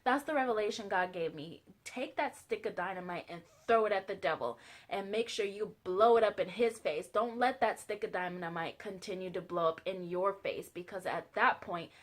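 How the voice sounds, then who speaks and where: A woman shares a faith lesson in a casual vlog. She talks fast and tells her story with animation. Her pitch sits in an ordinary middle range for a woman. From Southern United States. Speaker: lay preacher.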